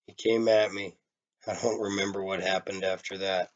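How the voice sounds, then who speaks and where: Low-voiced man reading a story. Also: level tone, moderate pace, lo-fi sound. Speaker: reader. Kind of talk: reading a short story aloud.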